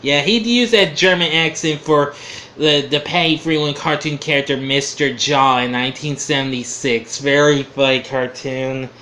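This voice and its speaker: A man's voice: mid-range voice, pushed and bright, slight background noise. A man reviewing an old comedy show for his vlog, rambling and chuckling, often losing his train of thought.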